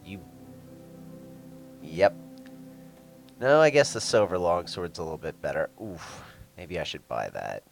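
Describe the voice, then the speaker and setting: A man's voice: sits low, huge pitch swings, a little slow, vocal fry, long pauses, soft background music. A man giving casual gameplay commentary, chatting sarcastically to game characters and swearing freely. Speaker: let's play gamer.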